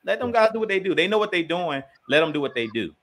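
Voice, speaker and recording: A man co-hosting a casual sports talk show, relaxed and repeating his points. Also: sits high, fast. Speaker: podcast co-host.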